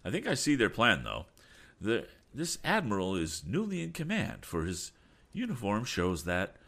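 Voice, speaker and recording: A man's voice: fairly low pitch, huge pitch swings, moderate pace, gravelly, fairly bright tone, pitched above the performer's own voice, full character voice. Man voicing a steely, grave sea captain. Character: steely, calm middle-aged sea captain.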